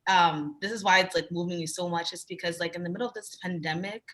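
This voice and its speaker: Young woman student, emotional, halting with many fillers, lowish voice, video call. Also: steady tone, a bit bright. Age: young adult. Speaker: student club president. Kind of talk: question from the audience.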